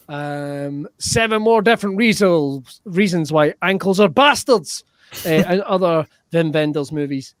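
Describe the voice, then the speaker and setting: A high-voiced man hosts an improv show over a video call, laughing often and swearing in fun. His voice is close and dry, with no room sound. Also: expressive, a little slow, clear, resonant tone, no echo. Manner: giggly, swears playfully. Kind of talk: casual online improv show hosting.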